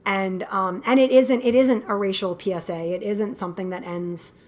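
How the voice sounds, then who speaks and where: Animated woman telling stories in chat. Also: medium pitch, moderate pace. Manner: animated storyteller, laughs often, acts out quotes. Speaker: guest filmmaker. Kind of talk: casual interview chat.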